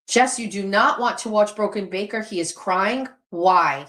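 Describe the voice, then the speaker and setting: A woman's voice: mid-range voice, a little slow, fairly bright tone. A middle-aged woman hosting a livestream, chatting candidly, swearing freely and reading viewer comments aloud. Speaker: livestream host. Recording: roomy echo.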